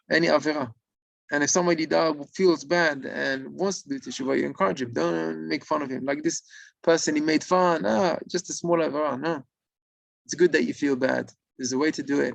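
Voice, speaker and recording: A man preaches and tells a moral tale with lively, acted-out turns. His voice is gravelly and a bit high, recorded close and dry. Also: brisk, no room sound, low-quality recording. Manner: animated, acts out the figures, mixes in Hebrew terms. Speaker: religious storyteller and teacher. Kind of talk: sermon-style storytelling.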